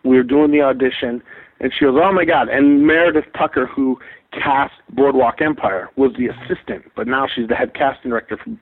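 A man on a phone call to a show, swearing freely as he tells his stories and acting out what everyone said in lively voices. His voice is mid-pitched and comes through thin and tinny over the line. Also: a little fast. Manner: animated and profane, acts out quoted dialogue. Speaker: comedian calling in as a guest. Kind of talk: casual anecdote telling.

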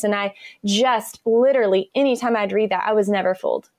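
A woman's voice: mid-range voice, fast, few pauses, no room sound, studio quality. Enthusiastic woman telling work stories. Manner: enthusiastic, animated, acts out quotes. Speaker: podcast guest. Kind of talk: conversational interview storytelling.

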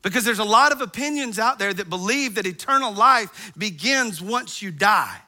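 At a normal speed, a middle-aged pastor gives a sermon full of animated storytelling, with acted-out groans and sighs. His high, very bright voice is piercing.

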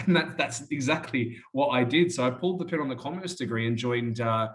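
An Australian man talks at an ordinary, middle pitch and tells stories in long, rambling runs. He is casual and chatty, and he keeps calling the listener "mate". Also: fairly quick. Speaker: interview guest. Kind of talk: casual storytelling chat.

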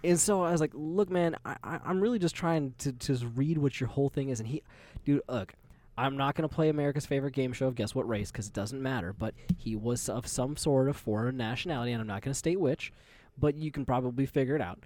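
A man co-hosting a podcast in casual chat, telling animated, profane stories and laughing hard at his own jokes. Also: mid-range voice, fast talker. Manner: animated storytelling, laughs hard, swears freely. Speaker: podcast co-host.

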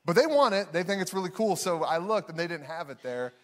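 A man in his thirties preaches a sermon to a live congregation with a slightly high voice. He talks in a loose, conversational way, restarting his phrases often and putting on voices for the people in his stories. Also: expressive, quick pace, fairly bright tone. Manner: conversational storytelling with frequent restarts; acts out voices in anecdotes. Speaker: pastor. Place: church hall with live audience.

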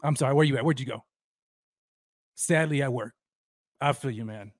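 A man hosting a fan livestream, energetically shouting out viewers by name and talking about how fired up he is. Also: medium pitch, normal speed, no room sound, clean studio sound. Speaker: host of a fan livestream show. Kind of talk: energetic live-stream roll call.

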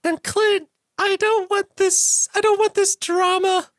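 A man doing a young woman in falsetto. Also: flat delivery, no echo, clean studio sound. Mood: pleading. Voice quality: high falsetto. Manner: slow, drawn-out pleading. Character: pleading young woman caught between suitors.

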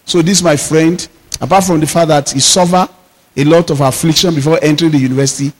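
A male pastor delivering a sermon, drawing out emphatic declarations slowly. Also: a little high, fairly even intonation. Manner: preaching with emphatic slowed declarations. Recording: long reverb of a hall.

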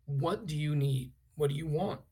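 A man's voice: fairly high pitch, normal speed, creaky, mellow, slightly rough. A man voicing a pushy short man who keeps offering favors, insistent and wheedling.

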